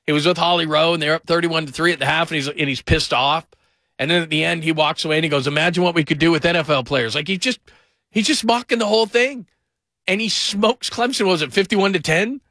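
A man hosting a call-in sports radio show, talking in an animated, rambling way and mimicking people in put-on voices. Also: on the high side, brisk, no room sound.

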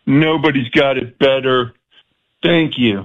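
A man's voice: mid-range voice, steady tone, takes it slowly. A man calling a sports radio show, proudly and cheerfully sharing personal news. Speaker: caller. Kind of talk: phone-in call. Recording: phone line.

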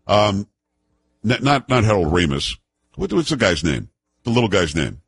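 A man hosting a talk show in casual, joking banter, animated and teasing. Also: lowish voice, normal speed.

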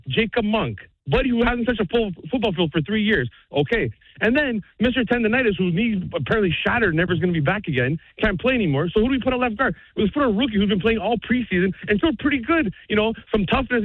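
A man with a high voice that swoops up and down calls in to a sports talk show. He rants sarcastically and sounds fed up. The call comes through a thin, tinny phone line. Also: slightly rough, no echo. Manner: exasperated, ranting, sarcastic. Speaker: caller. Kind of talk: sports radio call-in rant. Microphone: telephone.

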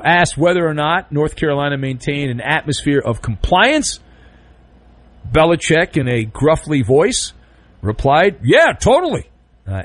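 A man's voice: on the high side, no echo. A man hosting an overnight sports radio show, delivering a sarcastic, theatrical monologue full of jokes into a studio microphone. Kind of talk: animated sports talk monologue.

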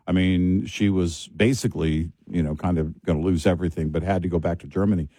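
A man's voice: low-pitched, fairly even intonation, brisk, warm tone, dry recording. An American man co-hosting a casual chat, telling rambling stories full of restarts and asides. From United States.

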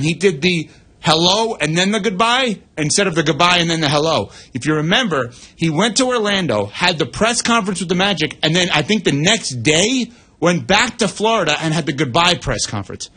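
A man hosting sports radio, reading the news and then giving brisk, opinionated analysis with asides into a studio mic. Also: high voice, expressive, pushed and bright, slightly rough.

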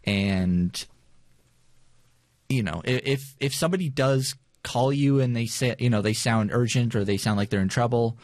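At a moderate pace, this podcast co-host talks in a mid-range voice with a darkish tone. His casual chatter meanders, packed with filler words and false starts, and the recording is dry with clean studio sound.

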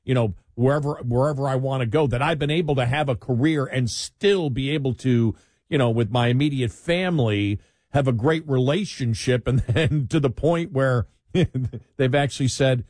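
Husky rambling male radio host. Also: mid-range voice, moderate pace, darkish tone, no room sound, studio quality. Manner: rambling, repeats words, laughs between thoughts. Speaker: radio talk show host. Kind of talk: casual talk radio banter.

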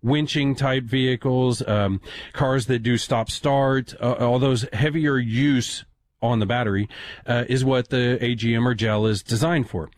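A man's voice: mid-range voice, steady tone, a little slow, no room sound. A man hosting a call-in talk radio show in a studio, chatty and self-deprecating, with plenty of uh and um as he answers callers. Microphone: studio microphone.

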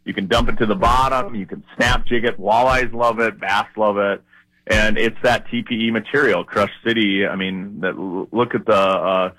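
A man from Minnesota who works as a fishing guide talks animatedly in a casual podcast conversation. His voice sits low but sounds bright and forceful. He tells his stories loosely, with lots of "you know" and "like". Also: normal speed, no echo, poor audio. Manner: storytelling, animated, lots of fillers.

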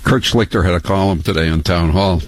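An older man hosting a talk radio show, talking in a halting way with many fillers and mocking asides. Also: low voice, no echo, low-quality recording. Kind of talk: talk radio monologue and calls.

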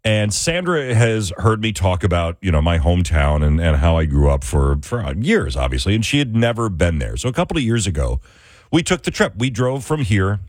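A man's voice: sits low, a little mellow, dry recording, studio quality. A man from Western New York hosting a morning radio show, chatting casually and rambling with restarts.

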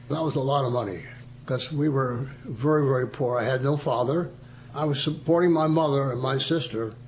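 The older veteran in this interview speaks in a mid-range voice with a little hiss or hum on the audio. He looks back casually on earlier days, telling anecdotes, mimicking other people's lines, and chuckling.

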